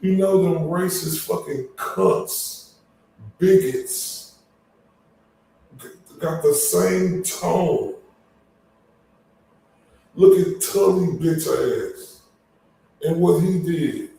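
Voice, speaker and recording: A man's voice: on the high side, vocal fry, dark tone. Cursing man ranting in an echoey room. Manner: angry, heavy swearing, drawn-out complaints. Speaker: online commentator. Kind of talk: profane ranting commentary. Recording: very echoey room, far from mic, faint noise.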